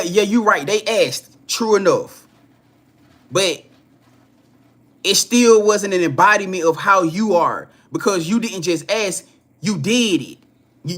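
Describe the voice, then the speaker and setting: Casting: man, high bright voice, chatty live-stream card reader, loose and profane, keeps checking in with viewers. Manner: repetitive, profane, chatty, laughs often; talks straight to viewers. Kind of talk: casual live-stream reading.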